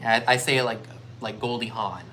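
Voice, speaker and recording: A man co-hosts a live online sale, teasing his partner and reading out the top bids. His voice is bright and forceful at a middling pitch. Faint noise runs under the livestream sound. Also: steady tone, a little fast. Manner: joking, teasing, reads out bids. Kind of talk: casual chat during a live online sale.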